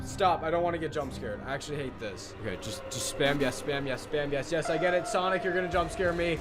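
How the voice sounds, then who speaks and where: A young man giving excitable horror game commentary, jumpy and screaming at scares. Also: fairly high pitch, fairly quick. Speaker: gaming video creator. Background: game music.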